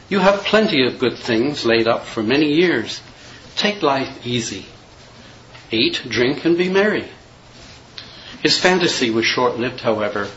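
A man preaching a sermon in a measured, earnest way, reading and quoting scripture verses. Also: mid-range voice, a bit bright, dull audio, a little hiss or hum.

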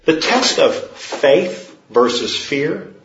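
A man's voice: fairly high pitch, sing-song, drawn-out words, noisy background. A male preacher giving a sermon, earnest and storytelling, with rhetorical questions. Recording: roomy, dull sound.

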